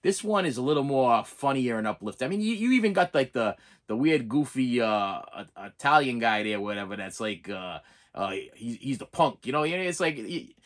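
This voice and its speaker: A man's voice: medium pitch, lively intonation, normal speed. A man casually reviewing horror movies on a vlog, rambling with many restarts and repeats, laughing often and checking in with "okay?".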